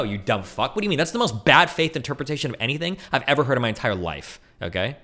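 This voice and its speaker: A man commentating casually on a livestream, arguing heatedly and swearing, with quick mock voices of others. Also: medium pitch, big pitch swings, bright, forceful tone. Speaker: streamer reacting to a debate.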